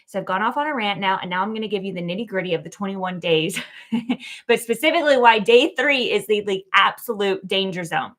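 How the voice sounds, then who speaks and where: A woman hosting her own show, giving a casual, animated motivational talk full of "like" and "okay?". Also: medium pitch, fairly quick. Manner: animated, chatty, lots of "like" and "okay?". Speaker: keynote speaker and show host.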